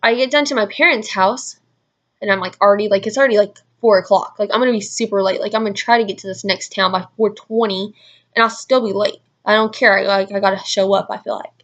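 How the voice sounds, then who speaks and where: A woman's voice: mid-range voice, steady tone, fast, a bit bright, highs cut off. A young adult woman telling a story in a casual vlog, rambling with constant "like" fillers. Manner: rambling, heavy use of "like" fillers. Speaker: vlogger.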